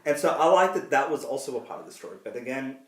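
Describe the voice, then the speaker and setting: A man co-hosting a casual movie review podcast, chatty and quick to laugh. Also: medium pitch, animated. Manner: chatty, many restarts and laughs. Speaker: podcast co-host. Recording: echoey room.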